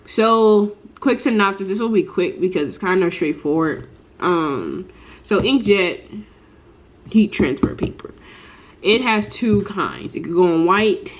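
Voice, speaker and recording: A woman with a congested, stuffy voice, explaining a craft technique in a chatty, rambling vlog full of fillers. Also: lowish voice. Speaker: small business crafter. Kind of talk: casual tutorial vlog.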